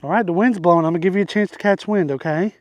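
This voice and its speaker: A man's voice: sits high, racing, slight background noise. A young man making a casual farm vlog outdoors, joking as he talks to his chickens. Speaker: homesteader vlogger.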